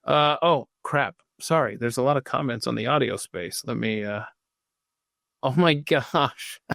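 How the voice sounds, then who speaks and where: A man's voice: medium pitch, unhurried, vocal fry, fairly bright tone, no room sound. Guy hosting a podcast, rambly and self-deprecating, dry close sound. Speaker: podcast host reading live comments. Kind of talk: casual rambling livestream chat.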